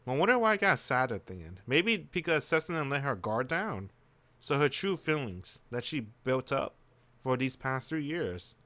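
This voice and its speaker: A man's voice: medium pitch, big pitch swings, normal speed, bright, forceful tone, no echo. A man streaming a visual novel, musing aloud in casual slang as he reacts to the story. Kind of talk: casual let's-play commentary.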